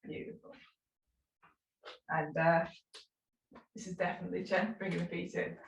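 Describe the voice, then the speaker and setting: Tai chi teacher, woman, low gravelly voice, calm unhurried cues, echoey room, mic set well back. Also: distant mic, slight background noise. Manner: calm, unhurried cueing with soft asides. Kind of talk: live movement class instruction.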